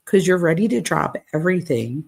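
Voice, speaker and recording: A woman's voice: low voice, lively intonation, brisk, vocal fry, darkish tone, heavily acted. A woman reading aloud the text messages of a hurt young man who wants an apology, in a lightly raised voice.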